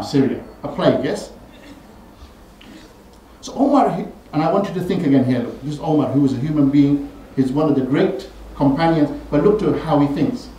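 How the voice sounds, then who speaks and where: A man giving a Friday sermon in a mosque, telling stories animatedly and rising in pitch and force when he quotes people. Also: warm tone, a little hiss or hum. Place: mosque prayer hall. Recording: very echoey hall, voice from far off.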